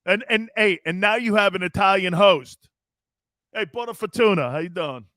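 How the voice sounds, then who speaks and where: A male sports talk host with a high-pitched voice. He talks in an animated, joking way. The sound is dry and close, with no room echo. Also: normal speed. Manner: animated, joking, often laughing. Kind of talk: casual sports radio talk.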